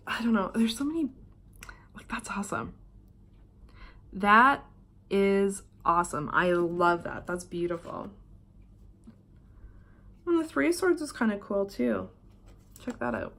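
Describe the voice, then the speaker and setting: A young adult woman from Canada, chatting casually through a tarot deck unboxing in a hotel room, swearing offhandedly and drifting into soft asides. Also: on the low side, a little hiss or hum. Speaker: tarot vlogger. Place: hotel room while travelling.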